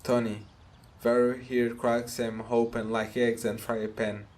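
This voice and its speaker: A man voicing a gruff, protective mobster who scolds bluntly and swears while reading game dialogue aloud. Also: mid-range voice, flat delivery, a little slow, darkish tone, natural voice. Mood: reassuring.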